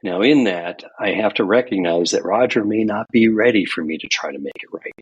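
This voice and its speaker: A man's voice: on the low side, a little fast, breathy edge, lo-fi sound. An older man from California, a guest on a podcast, telling stories in an earnest, reflective way. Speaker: guest, past grand master of a Masonic lodge. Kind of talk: podcast interview.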